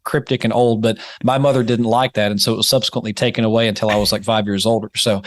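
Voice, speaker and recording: A man, a podcast guest telling stories in a lively way. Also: fairly low pitch, quick pace, no echo. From Texas, USA. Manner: lively storytelling, laughs easily. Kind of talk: interview podcast.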